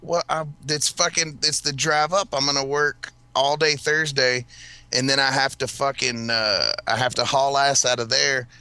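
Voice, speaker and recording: A man's voice: mid-range voice, fairly even intonation, normal speed, pushed and bright, clear, resonant tone, dry recording. A man in casual podcast chat, telling rambling, profane stories and laughing often. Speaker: podcast host.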